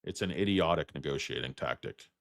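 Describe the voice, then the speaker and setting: A man hosting a stock market livestream, ranting bluntly and profanely while answering chat, with loud outbursts and low muttered asides. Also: fairly quick, no echo, studio quality.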